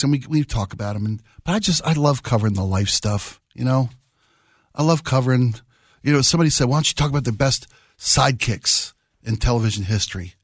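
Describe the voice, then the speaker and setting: A middle-aged man talks on the radio in a loose, rambling way, piling up half-finished thoughts with real enthusiasm. His voice has a slightly husky edge. It is close-miked and dry, with no room sound. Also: medium pitch, no echo. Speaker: radio host. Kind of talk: casual radio chat. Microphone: studio microphone.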